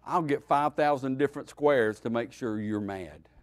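A man, a pastor, teaching a Bible study in a folksy, animated preaching style that swings between loud and quiet. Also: medium pitch, normal speed.

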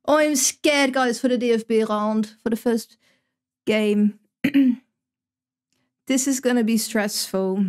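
Her voice sits a little high, with fairly even intonation and a slightly mellow quality; she takes her time and leaves long pauses. She's a young Dutch woman, accented and from the Netherlands, casually streaming a game while reading out chat and tossing back wry asides.

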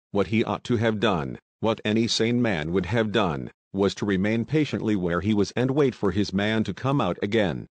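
A man narrating a novel aloud in a steady, measured reading voice. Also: on the low side, dry recording. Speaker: audiobook narrator. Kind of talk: scripted narration.

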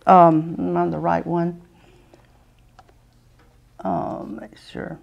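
A woman teaching a children's Sunday school lesson, patiently asking the children questions and often clearing her throat. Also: lowish voice, fairly even intonation, very slow, long pauses, a little mellow.

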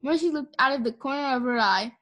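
A woman reading a children's storybook aloud in a clear, measured way. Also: high-pitched, fairly bright tone. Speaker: audiobook reader.

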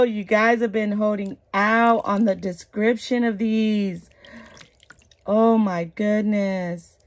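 A woman's voice: medium pitch, darkish tone. A woman vlogging casually at home, gushing and cooing as she bathes her dolls. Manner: gushing, cooing over dolls, keeps repeating "oh my goodness". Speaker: reborn doll collector vlogger. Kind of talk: casual vlog chat.

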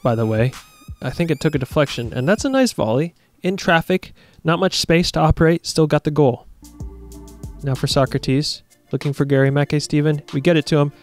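A young man giving casual, jokey commentary over a football video game, talking straight to his viewers. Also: on the high side. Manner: jokey, excitable, talks to viewers. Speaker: gaming YouTuber.

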